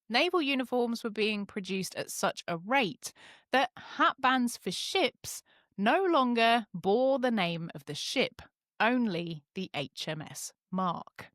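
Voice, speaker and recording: British woman, podcast co-host, animated pitch, dry close-mic sound. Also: takes it slowly, no room sound. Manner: narrates a case, laughing often between lines. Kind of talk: casual storytelling podcast.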